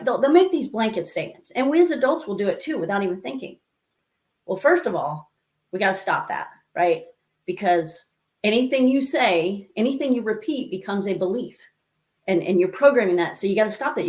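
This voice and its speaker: A woman life coach telling stories as an interview guest, lively and acting out the voices she quotes, with many asides to the listener. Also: mid-range voice, brisk. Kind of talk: conversational interview storytelling. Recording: echoey room.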